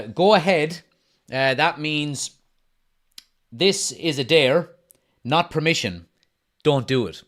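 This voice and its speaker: A man, hosting a casual football watch-along from his front room at home, chatting and reading out viewer comments. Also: on the high side. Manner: chatty, reads out viewer comments, laughs often. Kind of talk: casual live-stream chat.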